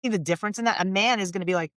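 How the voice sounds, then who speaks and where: A woman's voice: mid-range voice, rapid-fire, no room sound, studio quality. A woman who is a relationship coach, a guest on an interview show, speaking emphatically and acting out little scenes. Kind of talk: casual interview chat.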